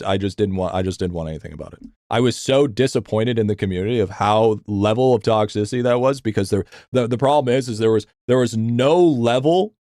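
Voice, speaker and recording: Young male game streamer, mid-pitched, dry close sound; swears a lot, rambles with restarts, gets loud and high when venting. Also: dry recording. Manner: profane, rambling, repeats himself with stammered restarts; animated, voice jumps higher when venting. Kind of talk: casual live-stream rant, reading chat.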